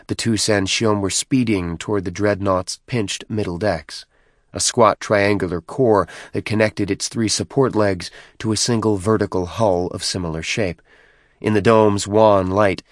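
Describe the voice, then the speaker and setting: A man reading a novel aloud as narrator, in a measured, even storytelling manner. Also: on the low side, no echo, clean studio sound. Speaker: audiobook narrator. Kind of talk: scripted narration.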